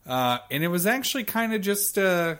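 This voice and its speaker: Lively higher-voiced man musing aloud. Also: clear, resonant tone. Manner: lively, halting opinions full of fillers. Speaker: podcast co-host. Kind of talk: casual chat.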